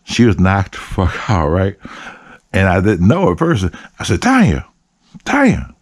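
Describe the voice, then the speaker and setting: A man hosting his own show, telling profane, animated stories and acting out other people's voices. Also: low voice, moderate pace, no room sound, clean studio sound. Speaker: host. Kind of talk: casual storytelling.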